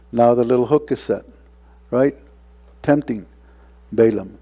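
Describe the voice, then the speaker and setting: A man's voice: medium pitch, moderate pace, pauses often, dark tone, husky. A man preaching a sermon, retelling a scripture story casually, with frequent tag questions and chuckles.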